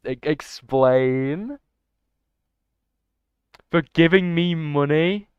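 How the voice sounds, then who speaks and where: A young man chatting excitably and rambling to his livestream chat. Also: a little high, drawn-out words, clean tone, dry recording. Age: young adult. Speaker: streamer. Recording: dull lo-fi dry mic.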